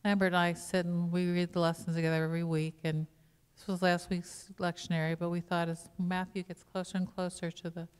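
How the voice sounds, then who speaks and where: A woman pastor delivers a sermon in a church, her fairly low voice smooth and resonant. She preaches in a chatty way, often asking the congregation questions. The sound carries a long church reverb. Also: little pitch movement, a little fast. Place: church sanctuary.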